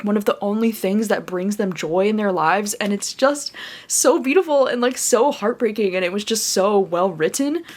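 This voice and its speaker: A woman in a casual reading vlog who talks in a chatty, gushing way. She leans on fillers and restarts as she thinks aloud. Her pitch sits in a middle range for a woman. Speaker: book vlogger.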